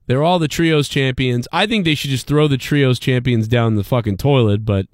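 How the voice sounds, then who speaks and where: A man's voice: medium pitch, normal speed, no room sound, studio quality. A man hosting a livestream, talking bluntly and profanely in rambling casual chat. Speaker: livestream host.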